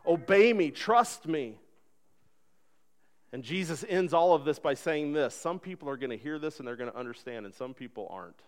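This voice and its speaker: A man's voice: mid-range voice, a little fast, a little mellow. A man in his thirties preaching a sermon, earnest and conversational, acting out voices in the stories he tells. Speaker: pastor.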